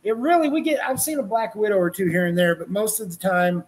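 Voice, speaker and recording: A man's voice: high voice, fast talker, slight background noise. A middle-aged man from Colorado, a wrestling journalist, chatting on a podcast in a rambling, folksy, profane way. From Colorado, USA. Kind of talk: casual podcast chat.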